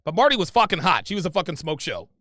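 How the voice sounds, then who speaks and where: A man in his thirties telling a story in casual podcast talk, profane, animated and rambling. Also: high-pitched, quick pace, no echo, clean studio sound. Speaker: podcast guest.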